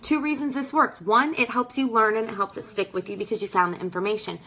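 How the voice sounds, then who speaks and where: A young woman talks in a chatty, emphatic way, calling her listeners "girl" as she coaches them on sales. Her voice is bright and forward. She slips into her customers' voices to act out how they talk. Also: fairly high pitch, fairly even intonation, fast, rough recording. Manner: acts out customers in quoted voices. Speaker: direct sales team leader. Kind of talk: casual training talk.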